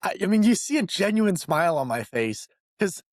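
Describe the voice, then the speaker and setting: Lively, animated male podcast co-host. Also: sits high, normal speed, no echo, studio quality. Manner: animated storyteller, voices characters in jokes. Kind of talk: casual podcast chat.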